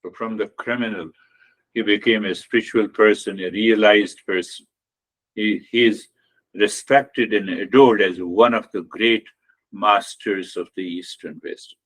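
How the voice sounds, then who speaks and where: A man giving a spiritual talk on meditation as a teacher, explaining in an unhurried way and repeating key phrases. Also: on the low side, steady tone.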